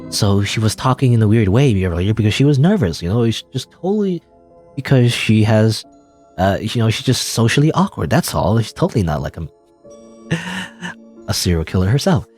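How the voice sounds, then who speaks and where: A man's voice: on the low side, sing-song, moderate pace, a little mellow, faint music behind. A man giving rambling, self-deprecating commentary while playing through a visual novel. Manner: rambling, self-deprecating, laughs at his own voices. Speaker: let's play host. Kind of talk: casual gameplay commentary.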